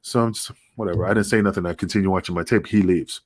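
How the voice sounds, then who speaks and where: A man's voice: low-pitched, very fast, no echo, clean studio sound. A middle-aged man, a podcast guest, telling a story casually with heavy swearing, acting out the dialogue as he goes. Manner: profane, animated, acts out dialogue.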